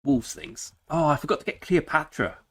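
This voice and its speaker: A man's voice: a little high, very animated, normal speed, a bit bright. A man chatting casually and joking while streaming a strategy game. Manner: chatty, joking, talks to chat. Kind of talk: casual live-stream chat.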